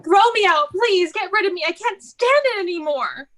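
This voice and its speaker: A high, youthful voice belonging to a young woman playing a heartbroken girl nearing twenty-four who is sick of her dreary work. She speaks in anguished, tearful pleas, voicing a character in a stage drama. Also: expressive, moderate pace, a bit bright, poor audio. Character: despairing young woman, nearly 24, weary of her dull job.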